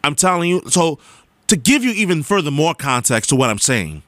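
A man's voice: a little high, brisk, dry recording. A young man talking straight to listeners in an emphatic, repetitive monologue, like a radio host. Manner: emphatic, repetitive, animated storytelling.

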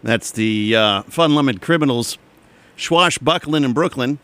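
A man's voice: mid-range voice, unhurried, fairly bright tone, clean tone, no room sound. A man delivering a rambling, sarcastic comedic monologue as host, drifting between tangents and mocking voices. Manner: sarcastic, rambling, mocks others in put-on voices.

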